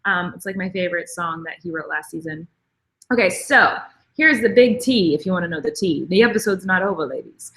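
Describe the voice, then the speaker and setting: A woman's voice: lowish voice, sharp tone, roomy sound, poor audio. A woman chatting casually on a live stream, gushing and rambling with lots of filler words. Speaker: vlogger and show creator.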